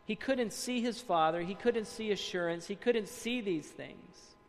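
A man preaching a sermon, reading quotes aloud, then explaining them with dramatic pauses and hushed emphasis. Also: sits high, in a large hall, a little hiss or hum.

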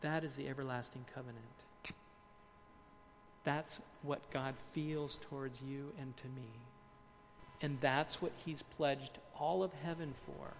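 A man preaching a sermon, reading quotes aloud, then explaining them with dramatic pauses and hushed emphasis. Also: medium pitch, fairly even intonation, in a large hall, a little hiss or hum.

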